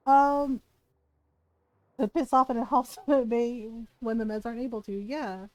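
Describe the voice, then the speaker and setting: A woman's voice: on the high side, fairly even intonation, takes it slowly, darkish tone, no echo, rough recording. A woman streamer chatting candidly with her viewers, swearing freely, often laughing mid-sentence and tagging her sentences with "right?". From Filipino family background. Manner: candid and profane, tags lines with "right?". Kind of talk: casual chat with stream viewers while gaming.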